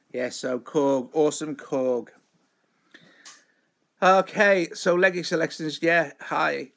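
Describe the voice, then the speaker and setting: A man's voice: fairly high pitch, slow, vocal fry, long pauses, a bit bright. Rambling, chatty male live streamer. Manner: rambling, chatty, greets viewers by name. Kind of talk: casual live stream chat.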